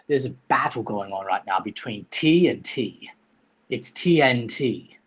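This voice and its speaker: A man's voice: medium pitch, lively intonation, measured pace, husky, highs cut off. A man hosting a livestream, chatting playfully and teasing his guest while putting on a silly accent. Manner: jokey, put-on silly accent, teasing banter. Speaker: livestream host.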